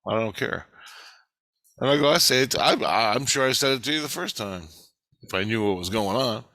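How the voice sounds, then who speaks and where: A man's voice: mid-range voice, a little fast, bright, forceful tone, dry recording. A man recounting a dream in an agitated, profane rush, acting out both sides of the argument. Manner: agitated, profane, retelling dialogue in bursts. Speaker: vlogger. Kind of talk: casual recounting of a dream to camera.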